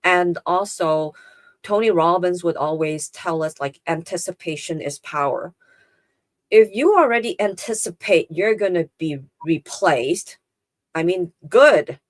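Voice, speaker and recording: Woman guest on a video call, very low voice, dry close sound, thinks out loud with lots of like and you know. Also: animated, unhurried, no room sound. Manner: thoughtful, explanatory, many fillers. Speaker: interview guest, AI trainer. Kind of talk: casual interview chat.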